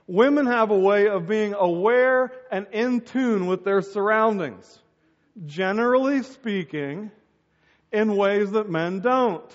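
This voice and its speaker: A man's voice: high-pitched, lively intonation, slow, in a large hall, lo-fi sound. A middle-aged man preaching a sermon as a pastor and telling stories with acted-out voices.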